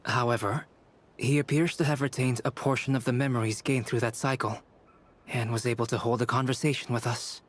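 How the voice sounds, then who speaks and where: A man's voice: medium pitch, steady tone, a little fast, a little hiss or hum, natural voice. A man as a grave, solemn ally.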